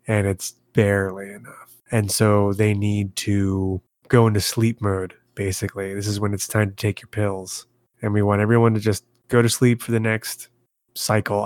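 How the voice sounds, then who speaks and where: Low-voiced guy recapping a movie on a podcast, wry and playful, dry sound. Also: no echo. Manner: wry, playful, laughing easily. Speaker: podcast co-host. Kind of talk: casual chat.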